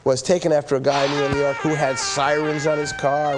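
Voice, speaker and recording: A man in an interview recalling a film production in a relaxed, conversational way. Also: on the high side, a little fast, loud music behind the voice. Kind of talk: interview recollection. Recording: loud background noise.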